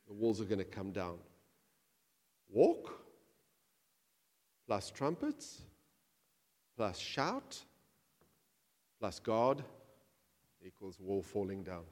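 Animated preacher in a reverberant hall. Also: male voice, medium pitch. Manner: animated, acts out quoted voices, jokes with the congregation. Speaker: pastor. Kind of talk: sermon. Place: church.

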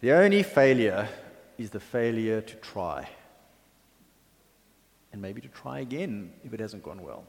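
A man's voice: lowish voice, big pitch swings, a little slow, creaky, pauses often. A man preaching a sermon in a conversational, chatty way, with asides and fillers. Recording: long hall reverb.

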